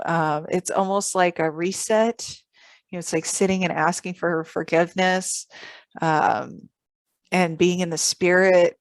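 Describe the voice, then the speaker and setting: A woman's voice: lowish voice, no echo. A woman talking casually to camera about self-care, earnest and reflective, with frequent fillers. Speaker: vlogger on emotional self-care. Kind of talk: casual advice monologue to camera.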